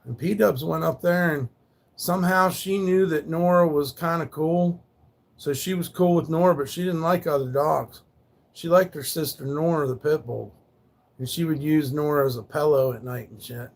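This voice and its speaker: A man's voice: fairly high pitch, moderate pace, gravelly. A man telling rambling, profane stories on a casual livestream, laid back and loose. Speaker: live streamer.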